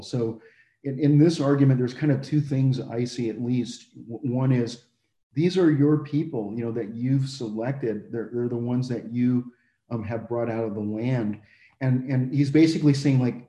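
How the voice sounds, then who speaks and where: A man teaching a Bible passage in a relaxed, conversational way, with many fillers and restarts. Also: medium pitch, normal speed, roomy sound.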